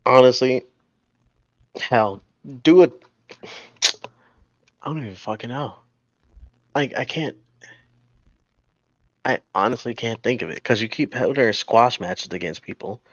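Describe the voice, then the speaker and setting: A man's voice: medium pitch, a little slow, long pauses, no room sound. A man co-hosting a casual wrestling podcast, blunt and swearing freely. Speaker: podcast co-host. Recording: dry, dull lo-fi audio.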